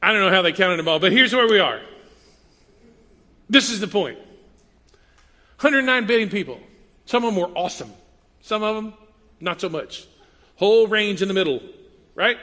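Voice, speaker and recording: Animated, bright-voiced male preacher. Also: high voice, normal speed, pauses often, big-room sound. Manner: conversational, animated preaching with playful asides and voiced quotes. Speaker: pastor. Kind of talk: sermon.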